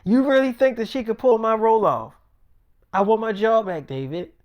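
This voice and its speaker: A woman's voice: a little high, sing-song, moderate pace, highs cut off. A woman voicing a pregnant young actress who is pushy and demanding, talking bluntly in slang and swearing often. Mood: pleading.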